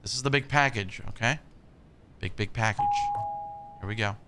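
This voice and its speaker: A man's voice: lowish voice, moderate pace, very noisy. A man hosting a horror game playthrough, chatting casually, jumpy, swearing and talking back to the characters. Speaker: gaming video host.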